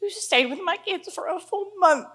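A woman from the congregation, crying as she gives a halting church testimony. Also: very high-pitched, animated, a bit bright. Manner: halting, emotional. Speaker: congregation member giving testimony.

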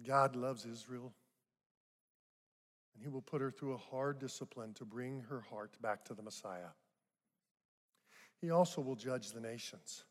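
A man's voice: mid-range voice, measured pace, long pauses. An older man preaching a sermon as pastor, conversational, with rising emphatic bursts on key points. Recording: long hall reverb.

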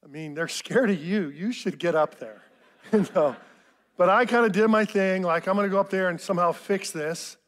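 A man in his fifties preaching a sermon, telling a family story in an animated, self-mocking way. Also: sits high, normal speed. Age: 50s. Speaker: pastor.

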